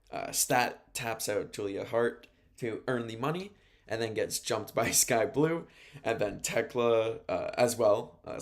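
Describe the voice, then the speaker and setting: A man hosting a casual show, recapping wrestling from his notes in a chatty, rambling way and laughing at his own mistakes. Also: lowish voice. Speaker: radio host.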